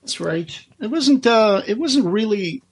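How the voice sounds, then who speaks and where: Chatty man with a higher voice. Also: expressive, unhurried, breathy edge, dry recording. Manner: rambling, lots of fillers and restarts, laughs easily. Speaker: podcast co-host. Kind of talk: casual podcast chat.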